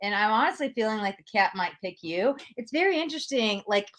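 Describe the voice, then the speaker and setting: A woman's voice: medium pitch, expressive, fairly quick, fairly bright tone. A young woman hosting a live-stream tarot reading, emotional and gushing as she talks straight to her viewers.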